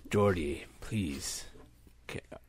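A man's voice: low-pitched, slow pace, a crowd in the background, voice pushed down. A man playing a self-important, chivalrous human knight in a tabletop game, talking in a pompous, old-fashioned, oddly cheerful way. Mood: reassuring. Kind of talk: tabletop role-play in character.

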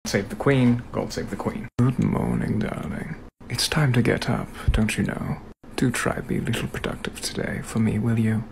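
A man voicing a doting, bossy young British gentleman in whispered role-play, using a put-on posh British accent and a soft, breathy whisper while gently scolding. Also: medium pitch, normal speed, a little hiss or hum, voice pushed down, lightly acted. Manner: gently scolding, affectionate, prim.

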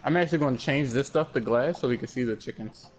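A man's voice: mid-range voice, fast talker, a crowd in the background. A man playing along in a gaming video, answering in short, laid-back replies. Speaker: co-player. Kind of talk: casual gameplay chat.

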